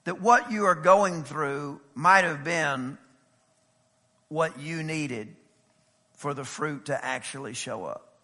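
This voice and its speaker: Bright, high-voiced preacher. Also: male voice, takes it slowly, long pauses. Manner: emphatic, swings from loud preaching to low, intimate asides. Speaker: pastor. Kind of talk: sermon. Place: church sanctuary. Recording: long hall reverb in a church.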